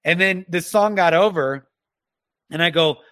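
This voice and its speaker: A man giving an emotional personal testimony as a guest, earnest and halting, often restarting his sentences. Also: high voice, a bit bright, dry recording. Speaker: guest telling a personal story.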